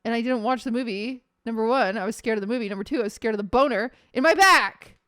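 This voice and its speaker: A young woman streamer telling a story casually, animated, acting out quotes and swearing often. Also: fairly high pitch, fast, no room sound, studio quality.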